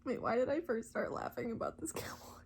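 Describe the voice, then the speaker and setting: A woman's voice: a little high, fairly quick, a little mellow, in a whisper. A young woman vlogger in casual chat, asking questions and adding teasing remarks. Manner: teasing, short questions and reactions.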